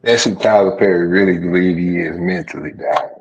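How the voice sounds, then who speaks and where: A man's voice: sits low, fairly quick, vocal fry, muffled recording. A man co-hosting a casual podcast, mostly chiming in with short agreement. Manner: agreeing, brief interjections. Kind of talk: casual opinion chat.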